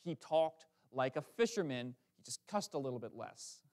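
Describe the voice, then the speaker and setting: A man preaching a lively, conversational sermon in a church, with quick asides and self-corrections. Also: medium pitch. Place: church sanctuary.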